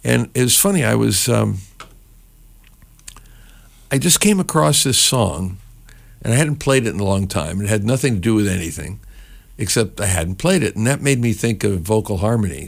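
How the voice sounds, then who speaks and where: A man's voice: lowish voice, lively intonation, moderate pace, gravelly. A middle-aged man from New Jersey hosting a radio show, chatting casually and rambling between songs with many fillers. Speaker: radio host.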